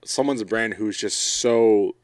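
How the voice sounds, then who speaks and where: A man answers a podcast host's questions in easy, short replies with a playful edge. His voice is fairly low and the sound is close and dry. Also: slow, no room sound. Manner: relaxed, brief answers, playful. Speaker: podcast guest. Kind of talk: casual interview chat.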